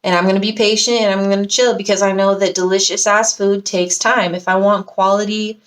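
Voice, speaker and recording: A woman's voice: medium pitch, fairly even intonation, fairly quick. A woman giving a casual pick-a-card tarot reading, slangy and profane, gushing straight to her viewers. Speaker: tarot reader.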